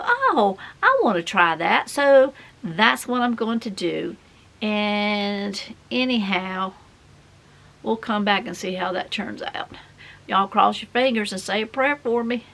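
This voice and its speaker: Middle-aged woman, folksy craft vlogger, rambling chat, slight vocal fry. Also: medium pitch, a bit bright. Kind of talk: casual chat while crafting.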